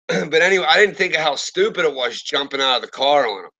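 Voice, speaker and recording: Animated, profane man telling stories. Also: fairly high pitch, a little fast, low-quality recording. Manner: profane, animated storyteller with lively quoted voices. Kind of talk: casual storytelling chat.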